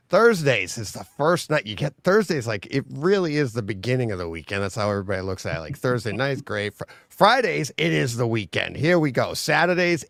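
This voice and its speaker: A man hosting a podcast in casual chat, animated and laughing often as he talks. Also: medium pitch, no echo, studio quality. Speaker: podcast host.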